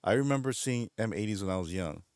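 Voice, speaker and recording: A man's voice: lowish voice, animated, fast, darkish tone, dry recording, clean studio sound. A man streaming, chatting casually while gaming, rambling along and laughing often. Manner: rambling, laughs often, does goofy voices in retold scenes.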